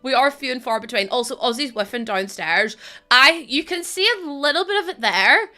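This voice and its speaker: A woman with a Northern Irish accent chatting fast with her stream audience, tired and laughing often. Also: high-pitched, expressive, sharp tone. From Northern Ireland. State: tired from lack of sleep. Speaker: live streamer. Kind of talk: casual chat with a stream audience.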